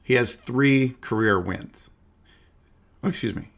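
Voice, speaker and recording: Gravelly-voiced man chatting about golf. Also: medium pitch, measured pace, fairly bright tone. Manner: loose, chatty, lots of fillers and asides. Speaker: podcast host. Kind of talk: casual golf podcast chat.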